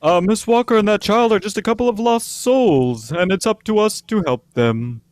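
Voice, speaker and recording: A man's voice: high-pitched, expressive, normal speed, darkish tone, no echo. A man reading lines in an amateur radio play, playful, laughing and often breaking character.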